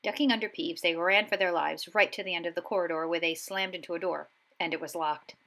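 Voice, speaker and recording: A woman reading a children's storybook aloud, expressive and giving each character a voice. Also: on the low side, quick pace, rough recording. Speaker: audiobook reader.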